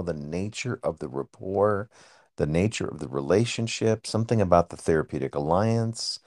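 A man's voice: low-pitched, darkish tone. A man hosting a conversation, explaining ideas in a thoughtful way. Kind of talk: conversational interview.

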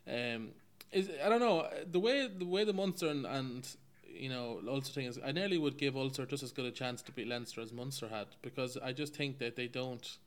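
A man's voice: medium pitch, brisk. A man leading a casual rugby chat, enthusiastic and asking questions.

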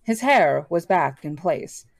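Woman reading a fantasy novel aloud, steady, low voice, dry close sound. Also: slow pace, vocal fry, no room sound. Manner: steady, self-correcting reading. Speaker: book club reader.

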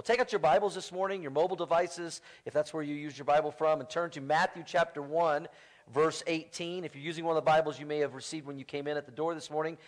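This is a man leading a church sermon, his voice pitched a little higher than most men's. He talks to the congregation in a loose, conversational way, spinning a funny story before turning to scripture. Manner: conversational storytelling with playful humor. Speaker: pastor. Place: church sanctuary.

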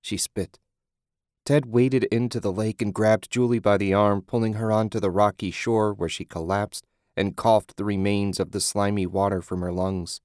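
A man reading a horror audiobook in a measured, grim, descriptive narration. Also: on the low side, fairly even intonation, darkish tone, no room sound, studio quality.

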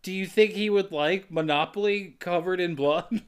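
A man's voice: sits high, normal speed, clean tone. A man co-hosting a casual comedy podcast, narrating a film's plot with jokey asides. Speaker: podcast co-host recapping a film.

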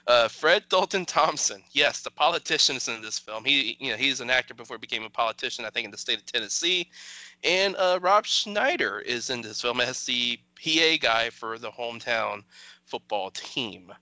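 Bright-voiced man hosting a movie podcast. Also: mid-range voice, lively intonation, moderate pace, no echo. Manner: rambling, reads trivia aloud. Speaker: podcast host. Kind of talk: casual movie commentary chat.

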